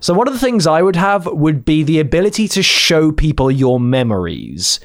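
A man's voice: fairly high pitch, animated, a little fast. A young man hosting a casual gaming podcast, enthusiastic and playful, recorded on a close mic. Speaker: podcast host.

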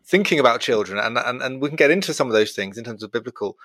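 A man's voice: mid-range voice, animated, fast talker, fairly bright tone, no echo. A middle-aged man with a British accent, co-hosting a chatty podcast and laughing easily. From Britain. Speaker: podcast co-host. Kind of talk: casual chat.

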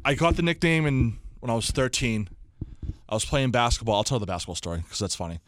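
A young man, co-hosting a casual sports chat and telling animated stories with acted-out quotes. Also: medium pitch, fast, slight background noise. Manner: animated storyteller, acts out quotes. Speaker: podcast co-host.

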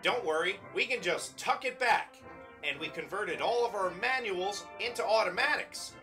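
A man's voice: sits high, expressive, normal speed, pushed and bright, soft background music. A man voicing a brash car dealer in a spoof radio ad, with salesman patter. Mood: salesy.

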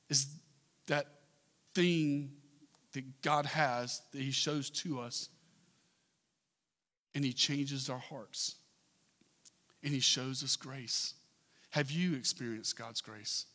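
A male pastor preaching in a church sanctuary, his voice carrying a long reverb from the hall. His delivery is conversational and often swells into emphatic, repeated questions. His pitch sits in an ordinary middle range for a man. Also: slow pace, pauses often, pushed and bright. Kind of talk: sermon.

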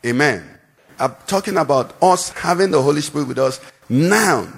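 A man preaching a sermon, often pausing with questions for the congregation to answer. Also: fairly high pitch, animated, creaky, slightly rough. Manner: call-and-response questions to the congregation. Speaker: pastor.

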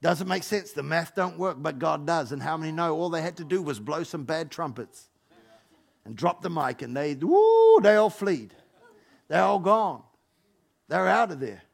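A man preaches in a high, gravelly voice. He is playful and teasing, tossing jokes at his congregation as he goes. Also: moderate pace. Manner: playful, joking asides to the congregation. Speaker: pastor. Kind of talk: lively sermon.

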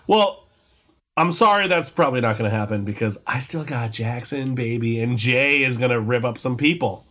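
A man's voice: mid-range voice, normal speed, bright, forceful tone, lo-fi sound. A tipsy man co-hosting a podcast, bantering defensively, laughing and cursing. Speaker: podcast co-host. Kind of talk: casual drunk podcast chat.

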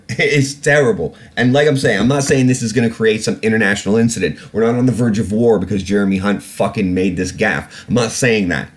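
A man hosting a solo podcast, ranting about politics with heavy swearing and rambling, filler-laden asides. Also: lowish voice. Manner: profane, ranting, swears often; rambling with many fillers and restarts. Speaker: podcast host.

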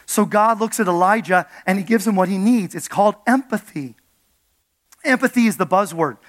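A man preaching a sermon as a pastor, dropping soft and low for gentle quoted words and building to emphatic points. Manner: drops soft and low when quoting God's gentle words; builds to emphatic points, then slows for weight.

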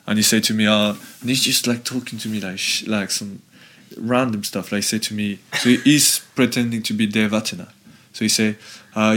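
This man's voice sits on the low side and moves at a normal speed. An ex-footballer appearing on a podcast, he wanders through lengthy stories full of filler words, animated throughout.

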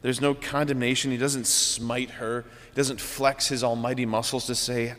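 A man, a priest, giving a conversational sermon in an animated way that keeps adding "right?" and "like". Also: medium pitch, normal speed, few pauses. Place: church. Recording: long church reverb.

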